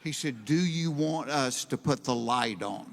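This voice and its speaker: A man doing stand-up, telling a drawling, deadpan story on stage and punching up the loud punchlines. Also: mid-range voice, measured pace, a little hiss or hum. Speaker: stand-up comedian. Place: stage in a large hall. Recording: hall reverb.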